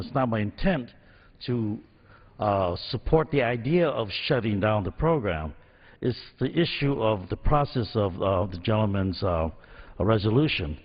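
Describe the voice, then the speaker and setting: A man speaking as a ranking committee member in a formal floor debate, deliberate and stressing key words. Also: medium pitch. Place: large legislative chamber. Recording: dull muffled audio.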